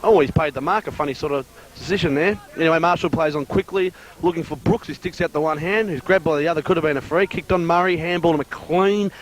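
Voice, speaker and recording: A man giving brisk play-by-play commentary on an amateur football match. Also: fairly high pitch.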